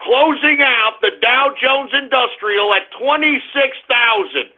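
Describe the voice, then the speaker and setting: Brash shouting talk radio man. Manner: brash, shouting, profane, swinging loud to low. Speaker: radio show host. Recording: phone-like narrow band.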